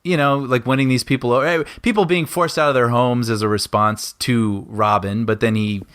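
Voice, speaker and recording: A man co-hosting a podcast film commentary, talking in a lively, conversational way and laughing often. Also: medium pitch, normal speed, smooth, no echo, studio quality. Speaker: podcast co-host. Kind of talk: casual film commentary chat.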